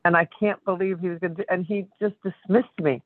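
A woman's voice: lowish voice, steady tone. Weary, drained woman on a tinny phone line. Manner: weary, halting, breaking off mid-sentence. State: worn down, emotionally drained. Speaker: caller in a support group. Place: condo apartment.

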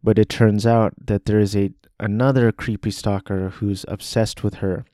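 A man's voice: lowish voice, level tone, moderate pace, mellow, no echo, clean studio sound. A man hosting a podcast, talking casually about films, rambling with restarts and acting out quoted lines. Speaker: podcast host. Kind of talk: casual film talk.

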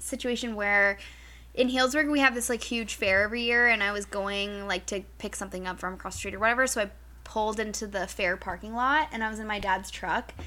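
Bright-voiced young woman podcast host. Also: mid-range voice, brisk. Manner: animated, profane storytelling. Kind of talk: casual chat.

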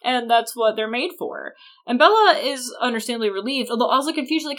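A woman's voice: fairly high pitch, expressive, fast, fairly bright tone. A young woman co-hosting a podcast, recapping a book in casual chat with sarcastic asides and quoted lines acted out. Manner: sarcastic, acts out characters' lines. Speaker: podcast co-host.

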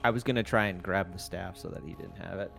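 A man's voice: low voice, quick pace, creaky, a bit bright, soft background music. Goofy young man at a tabletop game. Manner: goofy, laughs often. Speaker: player. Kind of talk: casual tabletop play.

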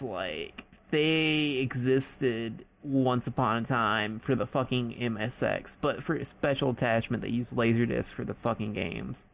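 A man's voice: mid-range voice, gravelly. A man in casual chat, rambling and swearing, with lots of fillers.

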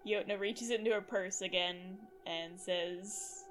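Slow-talking woman tabletop player. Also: lowish voice, steady tone, music in the background. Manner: slow, hesitant narration. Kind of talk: narrating her character's actions.

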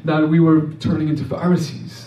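A man's voice: fairly high pitch, little pitch movement, quick pace, warm tone. Earnest man telling his faith story. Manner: earnest storytelling with frequent restarts and repeated words. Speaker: speaker sharing a testimony. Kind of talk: personal faith testimony. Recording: roomy echo, mic at a distance.

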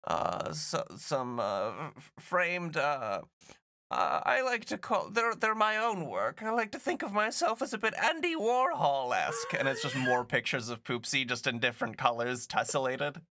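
A man's voice: a little high, very animated, moderate pace, sharp tone, no echo, studio quality, full character voice. Man putting on a rich old cat lady. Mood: proud. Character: wealthy eccentric old woman, doting cat owner.

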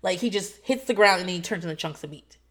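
A woman in her thirties telling a story in a casual vlog, animated and profane, acting out what others said. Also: fairly low pitch, fast. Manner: animated, swearing, quotes others in voices. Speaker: foster parent telling a story.

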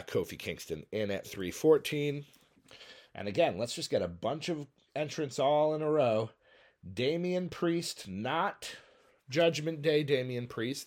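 Male host, laid-back pace, jokey solo commentator for a wrestling sim. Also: medium pitch. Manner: playful, jokey, breaks into sung hums and mock announcer bits. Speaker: host running a simulated wrestling battle royal.

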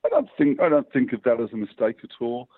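A man, a publicist, telling lively motivational anecdotes as a guest over the phone. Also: mid-range voice, fast talker, no room sound. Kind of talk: interview storytelling. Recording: tinny phone line.

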